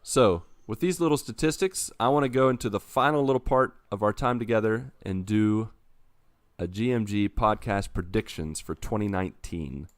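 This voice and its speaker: A man's voice: lowish voice, normal speed, dry recording. A man hosting a casual podcast, upbeat and jokey as he runs through the segment. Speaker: podcast host.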